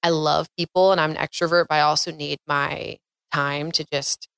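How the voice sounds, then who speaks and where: A young woman chats as a guest, upbeat and friendly, often answering with soft "mm-hmm"s. Her voice is a little low, smooth and clear. It is recorded close in a dry room. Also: little pitch movement, normal speed, no echo. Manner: upbeat, frequent "mm-hmm" backchannels. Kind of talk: casual conversation.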